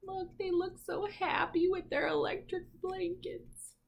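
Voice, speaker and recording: A woman teacher reading a picture book aloud to children, gently explaining words and asking them questions. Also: extremely high pitch, flat delivery, slow pace, vocal fry, highs cut off.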